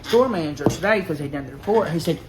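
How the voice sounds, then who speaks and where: Man, fairly high voice, rambling and aggrieved, lots of halting fillers; personal vlog. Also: lively intonation, noisy background. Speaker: vlogger. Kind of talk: casual personal storytelling.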